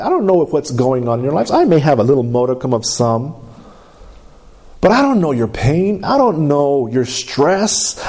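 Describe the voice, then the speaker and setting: Mellow-voiced man preaching a sermon. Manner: preaching with call-and-response, asking for amens; swings from high emphatic to low drawn-out delivery. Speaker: pastor.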